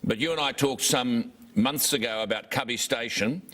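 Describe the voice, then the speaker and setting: An Australian man co-hosting an interview, pressing his points in a forceful, emphatic, rhetorical way. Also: mid-range voice, normal speed. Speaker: co-host.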